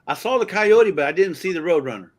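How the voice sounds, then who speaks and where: A man's voice: high-pitched, animated, quick pace, crowd noise. A man hosting a casual chat show, an enthusiastic, folksy storyteller. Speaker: host of a live chat show.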